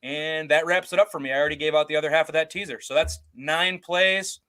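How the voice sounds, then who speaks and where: A man's voice: on the high side, steady tone, fast talker, fairly bright tone, a little hiss or hum. A man co-hosting a casual sports betting podcast, giving his picks with blunt confidence. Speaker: co-host picking bets.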